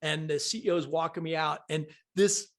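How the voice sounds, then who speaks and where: Animated male podcast host telling stories. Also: on the high side, fairly quick. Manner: animated, often ends points with "right?". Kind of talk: conversational storytelling.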